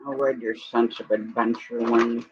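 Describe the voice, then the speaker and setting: A woman's voice: a bass voice, little pitch movement, normal speed. A woman co-hosting a live stream in a casual, rambling chat, breaking off now and then to give commands to her dog. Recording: dull lo-fi stream audio.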